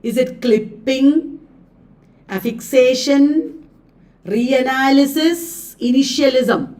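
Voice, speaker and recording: A woman's voice: high voice, takes it slowly, darkish tone. A woman teacher, running an exam quiz lesson, reading out questions and options and repeating them. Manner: chatty, repeats questions and answers aloud. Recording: echoey room, distant mic.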